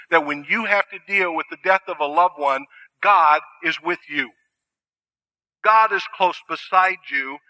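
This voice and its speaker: Male pastor, middle-aged, earnest sermon, dry humor, bright ringing tone. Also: a little high, low-quality recording. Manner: earnest, conversational, with dry asides.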